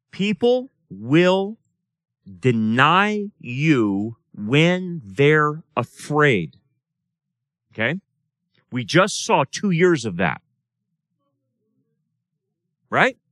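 A man's voice: on the high side, bright, forceful tone, no room sound. A man teaching a Bible study as a pastor, talking casually and asking the class questions. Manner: plays out voices in quoted dialogue. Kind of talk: sermon. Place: church or study room.

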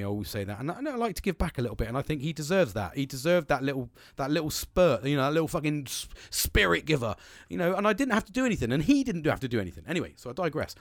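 A man's voice: on the high side, sing-song, racing, no echo. Brief: British man, swears constantly, blunt and boastful, dry close sound. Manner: jumps between mumbling and loud bursts. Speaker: vlogger. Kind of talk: casual rant, telling a work story.

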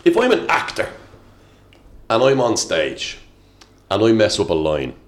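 An Irish man in his thirties chatting as a podcast guest, telling animated stories and acting out quotes. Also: lowish voice, measured pace, slight background noise. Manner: animated storyteller, acts out quotes loudly. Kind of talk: casual podcast chat.

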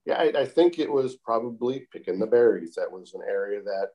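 A man calmly telling a long outdoor story in a casual interview, with many repeated "I said" tags. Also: on the low side. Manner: calm, unhurried, repeats "I said" often.

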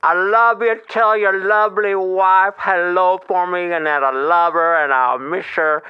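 A man's voice: high voice, fairly even intonation, measured pace, smooth, dry recording, highs cut off. A male podcast host chatting affectionately with a guest, often repeating his phrases. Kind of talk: casual interview chat.

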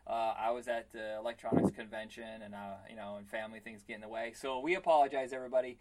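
A man's voice: medium pitch, fairly even intonation, quick pace, a little mellow. A man co-hosting a casual chat podcast, rambling with lots of fillers and poking fun at himself. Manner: rambling, self-deprecating, many fillers. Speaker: podcast co-host.

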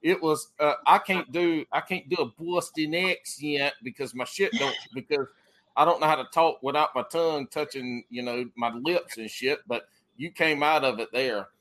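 A man's voice: a little high, fairly bright tone. A man, a podcast host talking in loose, profane, rambling casual chat. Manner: rambling, profane, quick to laugh.

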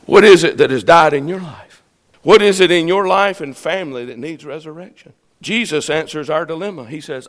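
A man preaching a sermon as pastor, building to shouted peaks. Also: a little high, normal speed, big-room sound.

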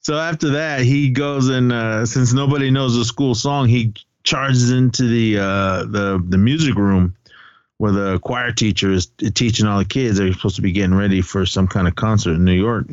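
A man's voice: lowish voice, fairly even intonation, normal speed, dry recording. Podcast guy, rambly, keeps laughing, dull dry mic sound. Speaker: podcast co-host. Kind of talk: casual movie chat.

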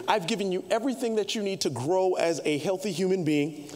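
A man preaching a sermon, shifting from conversational asides to playful mock shouting. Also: high-pitched, brisk. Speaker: pastor. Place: church sanctuary. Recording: reverberant hall.

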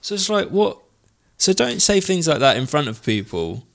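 A man's voice: a little high, big pitch swings, moderate pace, gravelly. A young man co-hosting a podcast in a studio, telling a story in a teasing, mock-aggrieved way. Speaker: podcast co-host. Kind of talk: casual chat.

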